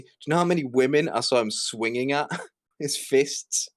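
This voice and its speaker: Brief: male commentary host, mid-pitched, mocking and profane, voice leaps up when incredulous. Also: expressive, moderate pace. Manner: sarcastic, swearing, with sudden pitch jumps.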